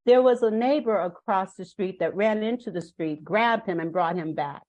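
A woman's voice: mid-range voice, moderate pace, darkish tone. An older woman talks as a guest on a parenting podcast. She tells her stories in an earnest, emphatic way and stresses her points with care. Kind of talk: podcast interview.

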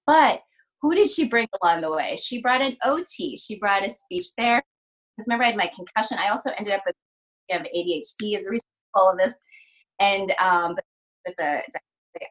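On a low-quality recording, a middle-aged physical therapist and practice owner appears as a podcast guest with a mid-range voice. She tells a heartfelt personal story, acting out the conversation in an earnest way full of fillers and false starts.

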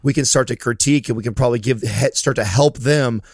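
Quick-talking podcast guy, jokey, dry sound. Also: mid-range voice, slightly rough, no echo. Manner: quick, joking. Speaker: podcast co-host. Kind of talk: casual podcast chat.

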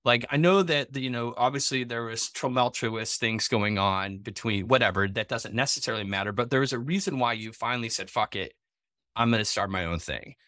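A man hosts a podcast in loose, rambling talk, full of likes, restarts and casual swearing. His tone is bright and edgy. The sound is dry and close. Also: mid-range voice, fairly quick, dry recording. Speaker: podcast host.

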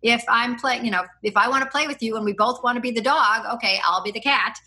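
A middle-aged woman talks on a podcast as a guest, explaining ideas in a loose, tangent-filled way and breaking into laughs. Her voice sits a little high and sounds bright and sharp. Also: fast talker. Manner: lively, laughs often, tangents and restarts. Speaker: podcast guest, free-play advocate. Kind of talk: casual conversational explaining.

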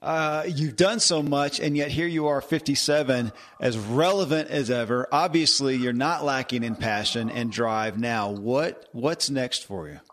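A man hosting an interview, asking gently probing questions and encouraging his guest. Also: medium pitch, unhurried, hardly any pauses, slight background noise. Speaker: podcast host.

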